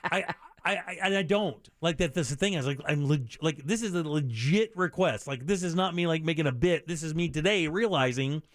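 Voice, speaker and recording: Animated radio host man, dry studio sound. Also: on the high side, dry recording. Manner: animated, self-deprecating, quick restarts. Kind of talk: casual call-in radio chat.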